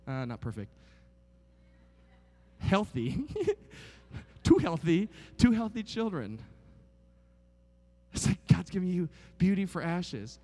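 Male preacher, 40s, fairly high voice; sermon delivery, hushed lows building to near-shouts. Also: slow, long pauses, in a large hall. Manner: animated storytelling, swings from hushed to near-shouting; keeps asking the crowd "right?". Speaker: pastor.

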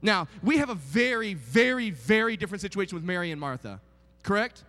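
A man's voice: high voice, big pitch swings, fairly quick, sharp tone. A man in his thirties preaching a sermon as a guest, telling funny stories in a chatty, self-mocking way with lots of fillers. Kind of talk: joking storytelling sermon. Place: large church sanctuary. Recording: long hall reverb in a big church.

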